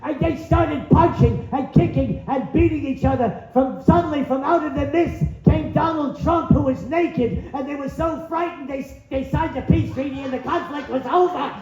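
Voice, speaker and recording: A man doing a loud, shrill impression of a comedian telling a joke on stage. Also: normal speed, few pauses, soft background music. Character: Gilbert Gottfried impression, shrill yelling man. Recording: dull echoey club sound.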